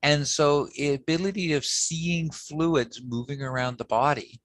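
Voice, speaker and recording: A man giving an academic lecture in a relaxed, conversational way, often pausing with "um" and checking in with "okay" as he explains slides. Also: fairly high pitch, no room sound. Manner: conversational, frequent "okay" and "um" fillers, self-corrections.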